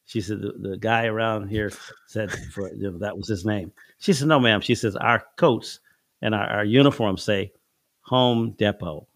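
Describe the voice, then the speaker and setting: A man's voice: on the low side, normal speed, no echo, studio quality. Folksy chuckling man spinning yarns. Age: middle-aged. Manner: folksy, chuckling, acts out voices in his anecdotes. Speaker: father telling life stories on his son's podcast. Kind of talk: casual storytelling chat.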